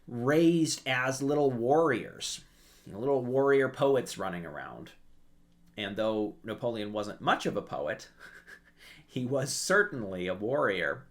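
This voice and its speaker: A man giving casual history commentary, telling stories in an animated way and acting out quotes. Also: mid-range voice. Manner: animated storytelling, acts out quotes.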